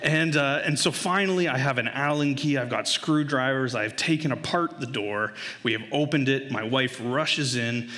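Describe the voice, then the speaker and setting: Thirties guy telling a funny dad story, bright punchy voice, big hall echo. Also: moderate pace. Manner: animated, voice jumps high when acting out panic. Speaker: father telling a story to an audience. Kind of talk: humorous personal storytelling.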